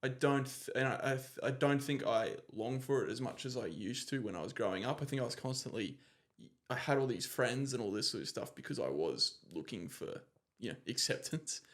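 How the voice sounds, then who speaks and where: A man hosting a podcast, talking reflectively and often pausing to search for words. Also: mid-range voice, animated. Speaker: podcast host. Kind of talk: casual conversation.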